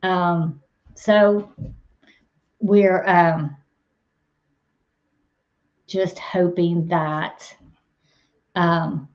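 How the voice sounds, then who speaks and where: A woman's voice: fairly low pitch, steady tone, very slow, pauses often, darkish tone, lo-fi sound. Chatty woman hosting a farm channel. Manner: chatty, rambling, laughs and teases. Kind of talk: casual live chat with viewers.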